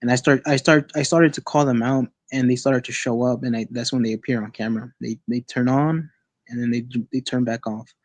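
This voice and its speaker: A man sharing a personal experience as a guest on an online call, in a casual, halting way with many restarts and repeated words. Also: medium pitch, fairly even intonation, no echo.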